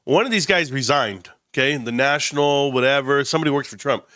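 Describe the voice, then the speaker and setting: A man's voice: medium pitch, brisk, bright, forceful tone, no room sound, studio quality. A man from California hosting a casual stock market livestream, stuffed up and talking in a rambling, emphatic way with many restarts. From Indio, California. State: stuffed-up nose.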